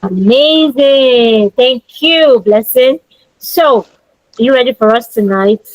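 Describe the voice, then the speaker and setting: A woman's voice: on the high side, lively intonation, slow pace, low-quality recording. A woman hosting an online event over a video call, reading a formal introduction. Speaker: host.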